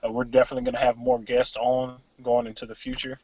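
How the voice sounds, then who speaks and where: A man's voice: medium pitch, monotone, fast talker, a little mellow, muffled recording. A man hosting a casual hip hop podcast, laid-back and slangy, talking over an online call from outdoors behind a store. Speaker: podcast host.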